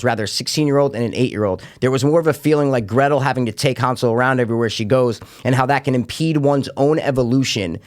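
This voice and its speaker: A man's voice: medium pitch, a little mellow. A man co-hosting a casual film review podcast. He rambles and circles back to his points, stressing them hard and swearing freely. His talk is loose and chatty. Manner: profane, emphatic, rambling. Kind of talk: casual chat, movie review.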